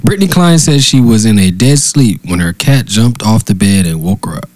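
A man's voice: on the low side, expressive, moderate pace, hardly any pauses, darkish tone, dry recording, poor audio. A man co-hosting a casual chat, reading a news story aloud with joking asides. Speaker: podcast co-host.

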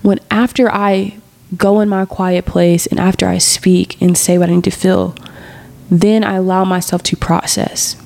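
Woman, lowish voice, earnest, heartfelt, reflective monologue, podcast host, soft whispers at times. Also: little pitch movement, a little slow, creaky.

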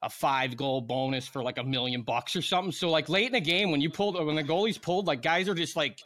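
A man's voice: fairly high pitch, fast talker, a bit bright. A man in his thirties, a former pro hockey player, casually telling a rambling story on a podcast with lots of fillers and laughter.

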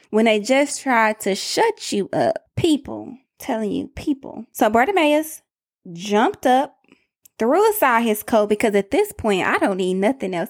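A woman preaching a sermon in an emphatic way, calling out to her listeners. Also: fairly high pitch.

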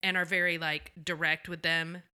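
A woman's voice: lowish voice, flat delivery, moderate pace, sharp tone, smooth. A woman co-hosting a podcast, chatting casually and enthusiastically, swearing and finishing her partner's sentences. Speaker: podcast co-host. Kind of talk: casual chat recap.

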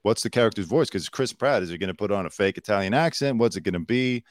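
A lower-pitched man hosts a loose comedy podcast, joking around and swearing freely between topics. His voice sits close and dry on the mic, with almost no room sound around it. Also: lively intonation, quick pace, no room sound. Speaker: podcast host. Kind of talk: casual comedic chat. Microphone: desk mic with headphones.

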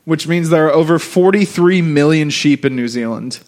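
A man's voice: a little high, normal speed, a little mellow. Dry, teasing young man podcast co-host. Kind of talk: comedic casual podcast banter.

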